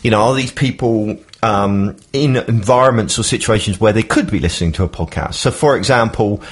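A man hosting a podcast in casual chat, animated, teasing and quick to laugh. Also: lowish voice, slightly rough. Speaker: podcast host.

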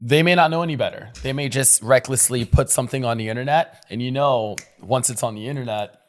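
A man's voice: mid-range voice, a little fast. A man co-hosting a casual podcast, speaking in an easygoing, loosely phrased way. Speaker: podcast co-host.

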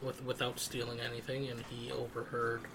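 A man's voice: mid-range voice, monotone, brisk, a crowd in the background. A man playing a tabletop fantasy game who speaks hesitantly, with frequent ums and restarts. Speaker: player. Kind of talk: casual tabletop game play.

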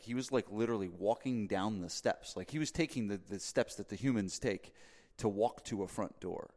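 Gravelly-voiced man telling a rambling story. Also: fairly low pitch, big-room sound. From New Jersey. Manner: rambling, filler-heavy, animated when making a point. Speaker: podcast host. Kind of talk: casual storytelling chat.

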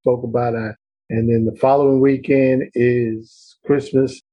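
A middle-aged man, a real estate agent being coached, who talks haltingly and often restarts his sentences. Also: medium pitch, little pitch movement, muffled recording.

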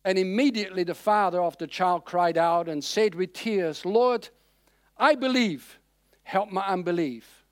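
A man preaching a sermon in a conversational, animated way, with frequent fillers. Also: sits high, moderate pace, no room sound, clean studio sound.

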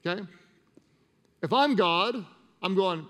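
Pastor guy preaching, kinda high voice, goes from hushed pleading to big loud bursts, long hall echo. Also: normal speed. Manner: animated, swings between pleading softness and loud emphasis. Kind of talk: sermon. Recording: long reverb of a large hall.

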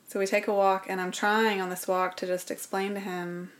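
A woman tells her story as an interview guest. She speaks earnestly and reflectively at a middle pitch, and her voice sinks to a near whisper when the memories get painful. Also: flat delivery, moderate pace, few pauses.

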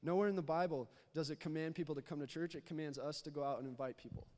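A man's voice: a little high, quick pace, a little mellow. Young man preaching in a reverberant church. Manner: conversational, repeats words, prompts the congregation to respond. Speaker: youth pastor. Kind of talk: sermon. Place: church sanctuary. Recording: long hall reverb.

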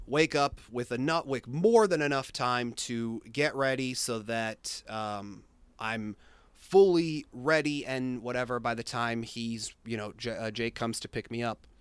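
A young man spins a personal anecdote in relaxed conversation, stumbling through fillers and restarts as he gets animated. His voice is smooth and resonant, sitting at an average pitch. The recording is dry and close. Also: dry recording. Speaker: storyteller in a conversation. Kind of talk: casual chat, telling an anecdote.

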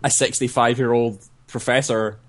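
A man's voice: medium pitch, flat delivery, normal speed. A young man in casual chat, telling a rambling, swearing story and acting out what people said. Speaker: podcast co-host.

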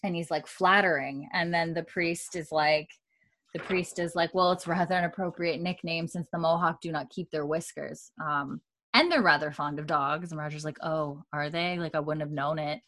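A woman with a fairly low voice chatting casually on a podcast. She recaps scenes in a loose, rambling way, stopping and restarting her sentences and leaning on fillers. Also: steady tone, normal speed, fairly bright tone. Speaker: podcast co-host recapping a TV episode. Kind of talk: casual chat.

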